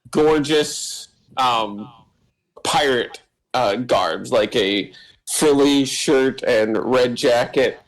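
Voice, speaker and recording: A man running a tabletop game as game master, narrating haltingly with many fillers and quick bursts when he explains rules. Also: mid-range voice, rough recording.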